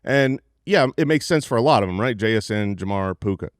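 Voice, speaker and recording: A man co-hosting a fantasy football podcast, rattling off stats with energy, jumping high in pitch when excited and laughing often. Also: a little fast, clear, resonant tone, dry recording, studio quality. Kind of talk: energetic stat-heavy sports podcast talk. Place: studio, live show.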